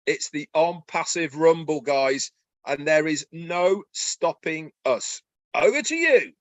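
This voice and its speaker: A man talks on a webinar with high-pitched, eager energy. His voice is dry and close, with no room sound, and he pushes his points with folksy, persuasive enthusiasm. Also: expressive, slow, dry recording, poor audio. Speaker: webinar co-presenter. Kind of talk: enthusiastic promotional webinar talk.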